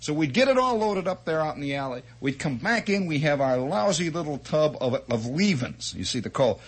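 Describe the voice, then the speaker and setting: Guy spinning a funny story, husky, bouncy high voice, does sound effects. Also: fairly quick. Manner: animated, chatty asides, sound effects. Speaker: radio storyteller. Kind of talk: comic storytelling monologue.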